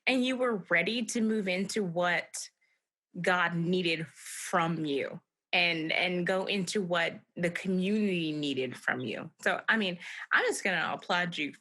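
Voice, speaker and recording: Bright-voiced woman hosting an interview. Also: on the low side, measured pace. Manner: warm laughing, reflective, speaks of faith. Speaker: podcast host and mediator. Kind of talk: conversational interview.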